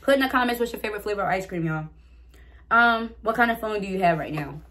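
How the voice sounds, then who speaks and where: A woman's voice: medium pitch, expressive, fast, a bit bright. A young woman vlogger casually answering get-to-know-me questions, chatting straight to her viewers. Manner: reads out each question, then answers it.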